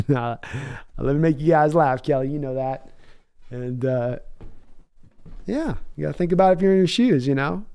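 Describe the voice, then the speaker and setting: A man's voice: a little high, moderate pace, long pauses, warm tone, clear, resonant tone. A man hosting a sports livestream in a casual, enthusiastic and rambling way, often restarting his words. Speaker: sports podcast host reading live chat.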